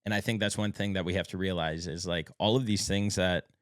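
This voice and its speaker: A man's voice: deep voice, steady tone, fairly quick, no echo, studio quality. A man co-hosting a podcast, speaking with motivational passion in casual chat and swearing casually. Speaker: podcast co-host.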